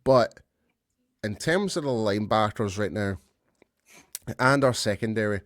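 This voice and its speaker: A man's voice: on the low side, animated, unhurried, dry recording, studio quality. A man co-hosting a casual sports podcast, talking loosely and poking fun at himself. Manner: chatty, loose, self-deprecating. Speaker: podcast co-host.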